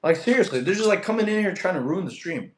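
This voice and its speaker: A young man from Russia, a fitness streamer reading live chat, animated and quick to get annoyed at spammers. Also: high voice. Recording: echoey room.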